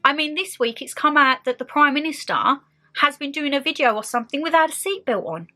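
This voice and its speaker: A woman's voice: high-pitched, expressive, fairly quick, bright, forceful tone, faint music behind. A young woman with a British accent, chatting openly and expressively to her viewers in a casual sit-down vlog. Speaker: vlogger.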